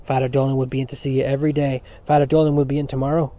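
A man doing a stern shouting school prefect priest. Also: mid-range voice, flat delivery, racing, highs cut off, close to an everyday voice. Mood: scolding. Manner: barking, scornful harangues.

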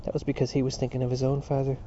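A man narrating a novel as an audiobook in a measured, even manner, on a dull lo-fi recording. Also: medium pitch, a little hiss or hum.

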